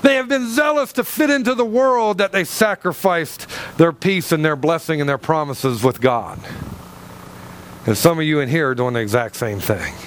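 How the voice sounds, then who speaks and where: A man's voice: fairly high pitch, expressive, moderate pace, fairly bright tone, a little hiss or hum. A male pastor preaching a sermon in a church, firing rhetorical questions with dramatic swings in his delivery.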